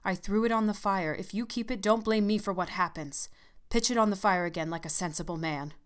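A woman's voice: on the low side, normal speed, clear, resonant tone, natural voice. A woman reading as a grave older male soldier who gives solemn warnings.

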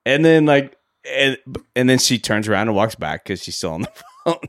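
A man's voice: mid-range voice, normal speed. A man co-hosting a podcast, casually retelling a movie scene, acting out the characters' lines and laughing often. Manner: animated retelling, acts out lines, frequent laughs. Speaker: podcast co-host. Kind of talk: casual movie recap chat.

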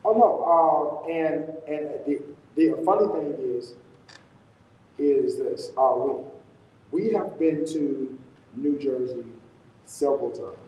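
A man in casual chat who talks haltingly, with frequent restarts and short agreeing replies. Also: fairly high pitch, lively intonation, dark tone. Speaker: co-host. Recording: echoey room from far off, faint noise.

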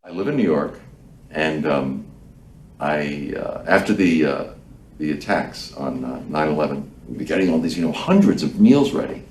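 A man telling an anecdote to an audience, animated, with soft hesitant pauses. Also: a bass voice, reverberant.

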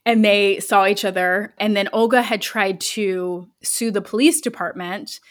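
A woman co-hosting a podcast, casually retelling a story with chatty asides and quick self-corrections. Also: medium pitch, steady tone. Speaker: podcast co-host.

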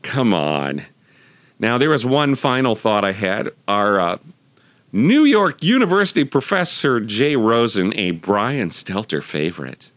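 Male podcast host, sarcastic political commentator, animated delivery, dry close sound. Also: medium pitch, unhurried, no echo. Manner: sarcastic, mocking.

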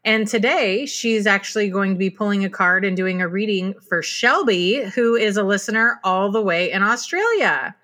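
A woman's voice: mid-range voice, animated, moderate pace, few pauses, bright, forceful tone. A woman co-hosting a podcast, reading out supporter thanks and show announcements in an upbeat manner. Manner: upbeat, promotional. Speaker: podcast co-host.

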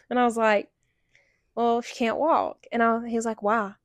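This young woman's fairly high voice moves at normal speed with frequent pauses as she co-hosts a podcast. She tells a casual story full of "like," captured in a dry, studio-quality recording.

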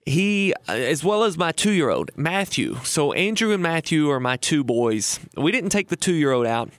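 A man's voice: a little high, big pitch swings, moderate pace, fairly bright tone, no room sound. A man in his thirties hosting a radio show on retirement, telling a story in a folksy, chatty way with fillers and restarts. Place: radio studio.

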